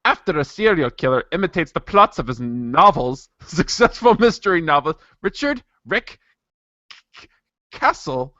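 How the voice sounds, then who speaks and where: A man's voice: on the high side, big pitch swings, moderate pace, bright, forceful tone, dry recording, muffled recording, pitched above the performer's own voice. A man putting on a clumsy mock Irish accent. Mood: self-conscious. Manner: clumsy, giggly amateur accent attempt.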